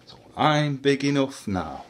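Children's storyteller, male, unhurried with a lively, swooping delivery, asks the young listeners questions. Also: mid-range voice, a little hiss or hum. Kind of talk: picture-book read-aloud.

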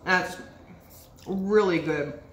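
Inside a bakery, a woman vlogger tastes treats and chats enthusiastically for a casual vlog, speaking very slowly in a voice on the low side. The room is echoey with faint ambience, and there's a little hiss or hum.

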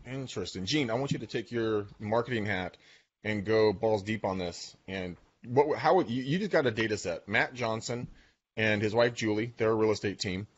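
A crude, joking podcast host who tosses out rough humor while steering the talk. His voice sits somewhat low. The recording is dull and lo-fi. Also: moderate pace. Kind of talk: casual podcast chat.

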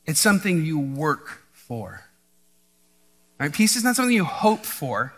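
A man's voice: on the high side, very animated, unhurried, a bit bright, slightly rough. A man preaching a casual, conversational sermon as pastor, often restarting phrases and checking in with the congregation. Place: church.

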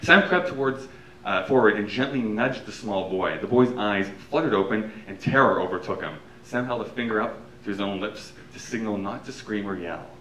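Low-voiced man hosting a live show. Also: normal speed, a bit bright, a little hiss or hum. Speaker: show host and storyteller. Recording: echoey room from far off.

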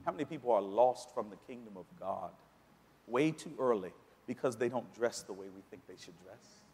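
A man preaching a sermon, climbing dramatically toward near shouts at his points of emphasis. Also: fairly low pitch, lively intonation, moderate pace, slightly rough, in a large hall. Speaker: pastor. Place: church sanctuary.

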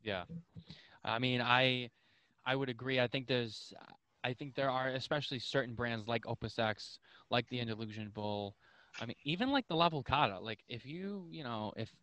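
A man hosting a podcast in casual chat, animated and rambling with many restarts. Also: medium pitch, normal speed, no room sound. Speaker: podcast host.

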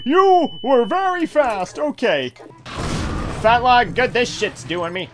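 A man doing let's-play commentary, excitable and goofy, yelling taunts and curses at enemies and making silly noises. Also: very high voice, slow pace. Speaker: gaming channel host. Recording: noisy background ambience.

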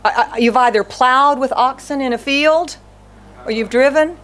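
A woman's voice: high voice, normal speed, fairly bright tone. A woman pastor preaching an earnest, conversational sermon, often asking the congregation questions.

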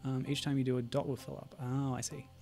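A man's voice: medium pitch, flat delivery, quick pace, creaky, warm tone, faint music behind. A man streaming and chatting casually about games, hesitant and full of ums. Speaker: game streamer.

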